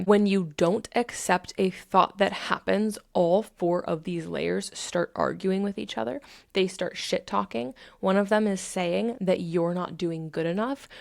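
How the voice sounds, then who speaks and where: A woman's voice: on the low side, vocal fry, a little mellow, dry recording, clean studio sound. A woman hosting a self-help podcast, talking in a candid, emphatic way with frequent swearing and repetition for emphasis. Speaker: podcast host.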